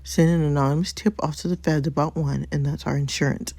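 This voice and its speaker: A woman's voice: low-pitched, steady tone, a little fast, darkish tone, husky, no room sound. Woman voicing a blunt scheming young husband, plain read-aloud game lines, dry close sound. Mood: determined. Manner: plain reading, little voice change. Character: scheming young married man, protective and blunt. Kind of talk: reading story game dialogue aloud.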